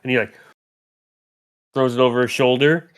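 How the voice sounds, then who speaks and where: Running a tabletop game as game master, a man narrates scenes with wry, playful asides. His medium-pitched voice is clear, resonant and steady at a moderate pace, recorded dry in clean studio sound.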